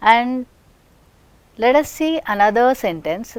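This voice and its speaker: A middle-aged woman with an Indian English accent teaches a phonetics lesson at a slow, careful pace. She talks at a mid pitch and restarts her sentences often. Her voice is recorded dry and close, with no room sound. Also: no echo. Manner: slow, deliberate, with frequent restarts and example sentences. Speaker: lecturer.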